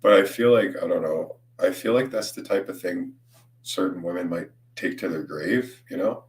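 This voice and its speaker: A man's voice: sits low, moderate pace. A young man chatting on a livestream, stoned, rambling, laughing often and swearing freely. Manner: rambling, laughing, swears a lot, says "dude". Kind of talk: casual livestream chat. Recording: roomy, distant from mic.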